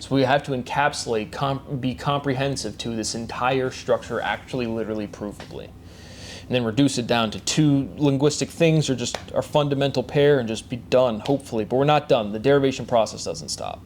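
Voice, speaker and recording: Guy rambling fast to himself, mid-pitch voice, loops the same phrases, makes up words, faint hiss behind. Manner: fast, repetitive wordplay with frequent restarts and coined words; chanted catchphrases. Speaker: solo presenter. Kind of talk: rambling solo monologue.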